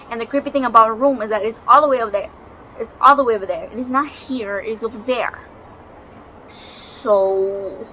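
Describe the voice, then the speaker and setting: A woman's voice: on the high side, steady tone, brisk, sharp tone, slight background noise, low-quality recording. A young woman vlogging at home, telling a ghost story in a chatty, dramatic way and swearing freely. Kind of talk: casual storytelling vlog. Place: home, near a balcony.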